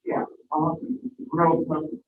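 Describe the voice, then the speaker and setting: A man in a church class sharing a casual, halting story. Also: a little high, completely flat delivery, slight background noise. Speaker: class member. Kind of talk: casual anecdote. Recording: tinny, very echoey, from afar.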